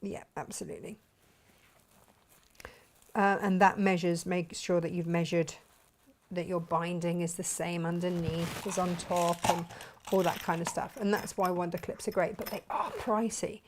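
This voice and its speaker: A woman's voice: fairly low pitch, level tone, moderate pace, a little hiss or hum. A woman chats her way through a sewing project, narrating each step as she goes. She is casual and self-mocking, breaking off now and then as she concentrates. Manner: chatty, self-mocking, talks while working. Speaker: sewing vlogger and shop owner. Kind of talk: casual sewing tutorial chat.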